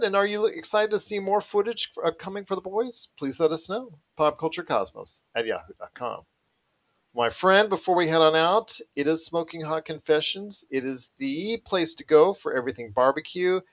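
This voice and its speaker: A man hosting a podcast, chatting casually and enthusiastically, often repeating himself. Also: sits high. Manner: enthusiastic, repetitive. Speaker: podcast host. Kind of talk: casual chat.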